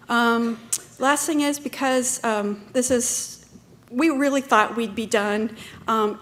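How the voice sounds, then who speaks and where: A woman giving a talk at a conference, speaking in a chatty way with many fillers and restarts. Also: on the high side. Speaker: conference presenter. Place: conference room.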